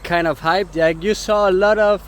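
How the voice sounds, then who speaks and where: A man's voice: high-pitched, fairly even intonation, moderate pace. A man with German as his first language, chatting casually as a travel vlogger outdoors on a hiking trail, out of breath from the climb and laughing often.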